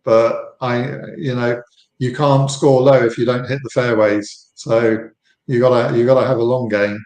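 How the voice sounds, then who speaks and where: A man in his fifties from the United Kingdom with an English accent, a relaxed guest on a podcast interview over a video call. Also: medium pitch, measured pace, echoey room, low-quality recording. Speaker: guest, company founder. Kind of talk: casual interview chat.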